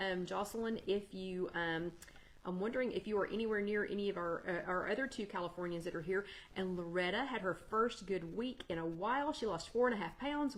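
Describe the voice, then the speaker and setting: A middle-aged woman hosting a casual livestream chat from her home loft, greeting viewers by name with lots of fillers and self-corrections. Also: medium pitch. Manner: chatty, warm-toned greetings with frequent fillers and self-corrections. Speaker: host of a weekly wellness livestream chat.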